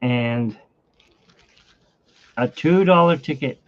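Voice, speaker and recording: A middle-aged man with hiccups chatting casually at home while drawing, rambling and animated, his pitch jumping up when he gets excited. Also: takes it slowly. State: has hiccups. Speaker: artist and channel host. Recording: dull lo-fi home recording.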